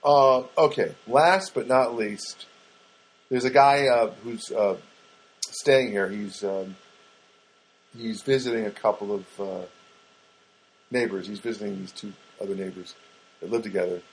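This podcast host has a fairly low voice with a breathy edge, talking at a measured pace with long pauses. He addresses listeners directly in a chatty, rambling story full of fillers and restarts, and the audio is poor.

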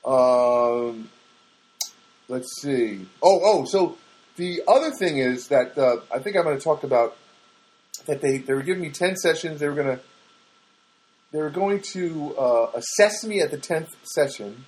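Male solo podcaster, rambling and exasperated, somewhat high voice with very animated pitch. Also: unhurried, poor audio. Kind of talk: casual monologue. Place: small studio apartment, alone.

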